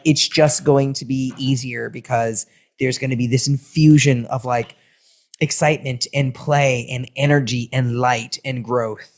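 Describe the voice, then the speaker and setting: A man talking through a casual astrology and tarot reading on his own. He's animated and sing-songy, with loose, emphatic delivery and the odd swear word. His pitch sits in the middle of the male range. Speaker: tarot reader.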